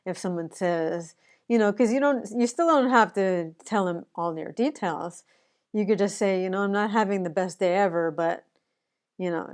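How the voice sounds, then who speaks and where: A woman with a smooth, medium-pitched, slightly dark voice speaks earnestly and conversationally to the camera. She works as an autism educator and is talking casually about being honest with your feelings.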